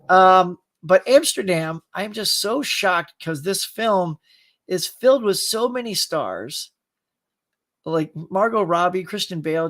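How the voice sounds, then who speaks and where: A man's voice: sits high, heavy background noise. A man hosting a casual pop culture chat, chatty and laughing often, with a dog barking in the background. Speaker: pop culture show host. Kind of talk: casual chat about movies.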